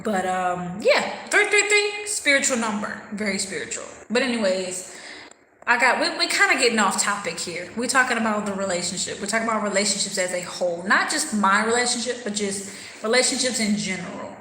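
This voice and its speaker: A woman's voice: medium pitch, lively intonation, brisk, bright, forceful tone, roomy sound, slight background noise, low-quality recording. A woman hosting a casual livestream, talking candidly and thoughtfully while she eats and answers viewers' comments. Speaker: livestream host.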